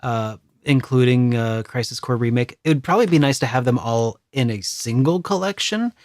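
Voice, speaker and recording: A man's voice: medium pitch, normal speed, a little mellow, no echo, clean studio sound. A man co-hosting a casual video game podcast, talking in a rambling, hesitant way with many restarts. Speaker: podcast co-host.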